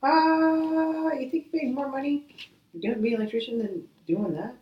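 A woman's voice: sits high, normal speed, far from the mic, highs cut off. A woman in casual chat, speaking bluntly and swearing often. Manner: blunt, profane. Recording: echoey, away from the mic.

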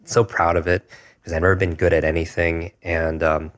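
A man in his forties with an extremely low voice, speaking in a flat, even tone. He tells a personal story earnestly and reflectively as a guest, stopping often to hesitate. His delivery stays steady rather than lively. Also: moderate pace. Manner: earnest, reflective, with frequent hesitations and filler words.

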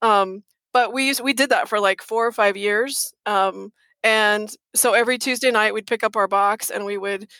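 A woman's voice: medium pitch, steady tone, moderate pace, sharp tone, no room sound. A middle-aged woman speaking earnestly and emphatically as a guest in a casual interview, repeating words for stress.

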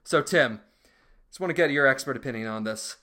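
A man's voice: mid-range voice, a little fast, bright, forceful tone. A man co-hosting a casual comedic movie podcast, recapping scenes and mocking the characters. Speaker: podcast co-host.

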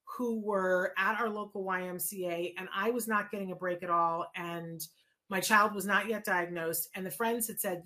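A middle-aged woman, a guest in an interview, telling a personal story in a lively way, acting out what people said and restarting her sentences. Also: mid-range voice, normal speed. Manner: lively retelling with quoted dialogue and restarts.

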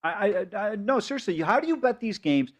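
A man co-hosting a casual sports betting chat, talking fast and animated with many stammered restarts. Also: high voice.

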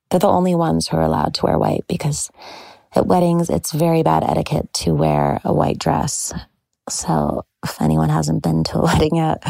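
A young woman chats casually to the camera in a gushing, drawn-out way, full of "like"s. Her voice is low and mellow, with a strong gravelly fry and a breathy edge. She sounds close and dry, with no room around her. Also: dry recording. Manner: gushing, slow and drawn-out with frequent "like". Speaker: bride promoting her docuseries. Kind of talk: casual personal talk to camera.

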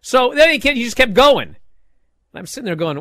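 Animated male podcast host, lively pitch. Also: moderate pace, no room sound, clean studio sound. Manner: animated storytelling with restarts. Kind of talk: casual chat.

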